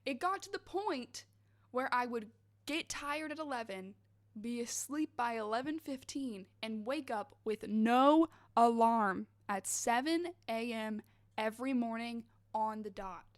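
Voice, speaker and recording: A woman's voice: a little high, a little slow. A woman livestreamer in a casual late-night chat with her viewers, bubbly and rambling, wired and restless after coffee. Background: faint background music.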